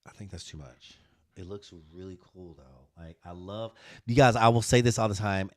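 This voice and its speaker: A man's voice: on the low side, moderate pace, darkish tone, dry recording, studio quality. A man hosting a live design tutorial, talking to viewers in a playful, sassy way.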